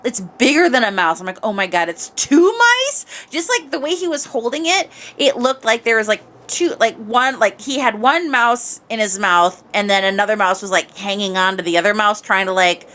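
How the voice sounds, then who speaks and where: Recounting a casual story into her mic, this woman podcaster is lively and expressive, swinging from low muttering up to shrieking. She keeps a normal speed with few pauses.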